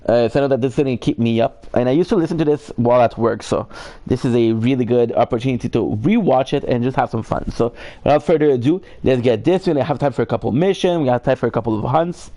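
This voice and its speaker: A man's voice: medium pitch, fast, mellow. A tired man streaming a video game live, chatting casually and rambling with lots of fillers and casual swearing. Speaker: gaming streamer. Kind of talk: casual live gameplay chat.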